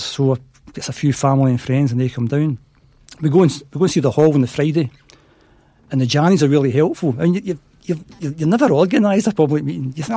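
A man's voice: a little high, fast, dark tone, breathy edge, no room sound. A middle-aged Scottish man, a podcast guest, telling stories and acting out the dialogue in them. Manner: acts out quoted dialogue in his stories. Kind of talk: anecdotal storytelling.

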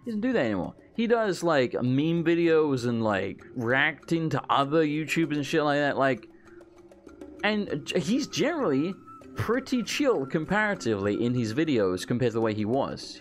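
A man giving casual gameplay commentary, ranting and swearing freely. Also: mid-range voice. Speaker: let's play gamer.

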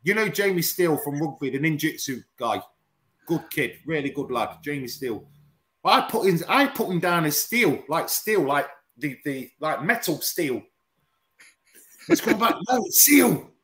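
Animated man telling stories. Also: fairly high pitch, moderate pace. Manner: animated storytelling, swears, mimics others, laughs often. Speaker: martial arts guest. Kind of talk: casual banter on a video-call talk show.

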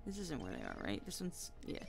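A woman's voice: a bass voice, huge pitch swings, brisk, creaky, over music. A woman streamer making casual, chatty asides while playing a video game. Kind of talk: casual gameplay chat.

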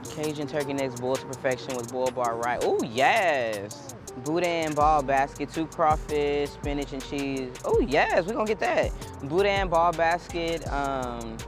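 A woman food vlogger from Houston, talking in a casual, slangy way and laughing often. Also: low voice. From Houston, Texas.

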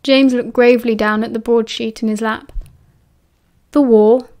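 A woman with a British accent narrating an audiobook with a steady, expressive reading. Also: a little high, brisk.

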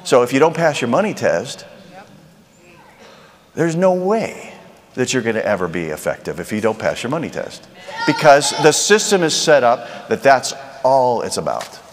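Man preaching with a lively, rising voice. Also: mid-range voice, normal speed, in a large hall. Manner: conversational preaching with rhetorical questions. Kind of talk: sermon.

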